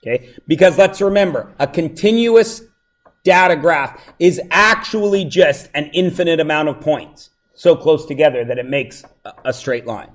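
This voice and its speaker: A man's voice: fairly high pitch, moderate pace. A man teaching a math review lesson to a classroom, joking and going off on tangents while checking that his students follow.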